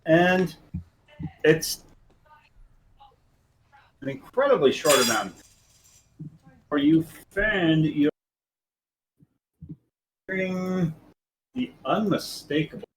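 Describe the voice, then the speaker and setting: A man running a tabletop game as game master, narrating in a casual, halting way. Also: a little high, expressive, a little hiss or hum, low-quality recording.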